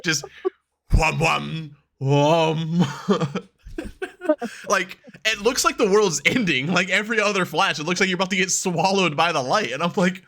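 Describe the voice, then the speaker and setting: A man's voice: high voice, measured pace, vocal fry, sharp tone. A man co-hosting a wrestling podcast, chatting casually, swearing freely and laughing often as he acts out quotes. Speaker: podcast co-host.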